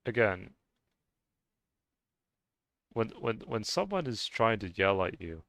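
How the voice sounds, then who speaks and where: A man vents to his viewers in a low, resonant voice, circling back over his points with restarts, fillers and casual swearing. The sound is dry and close, with no room echo. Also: animated, measured pace, vocal fry, long pauses, fairly bright tone. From United States. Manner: rambling, many restarts and fillers, swears freely. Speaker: vlogger. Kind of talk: casual rant to camera.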